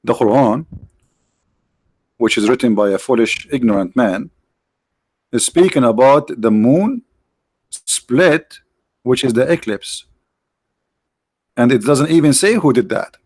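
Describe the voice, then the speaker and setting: A man's voice: medium pitch, animated, measured pace, pauses often, a little mellow, husky, no echo. A man hosting a livestream, giving mocking, sarcastic religious debate commentary in broken English. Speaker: livestream host.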